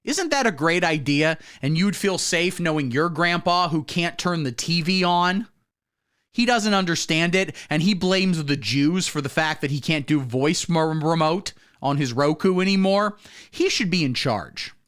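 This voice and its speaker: Male comedy streamer, fairly high voice, swearing mocker who rambles through riffs. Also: lively intonation, a little slow, a bit bright, smooth. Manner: profane, rambling, mocking riffs. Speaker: comedy livestream host. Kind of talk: crude comedic reaction commentary.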